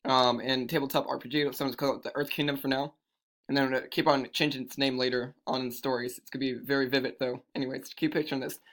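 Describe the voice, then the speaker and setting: A man's voice: medium pitch, level tone, fast, fairly bright tone. A man telling an improvised fantasy story in a rambling way, often correcting himself as he goes.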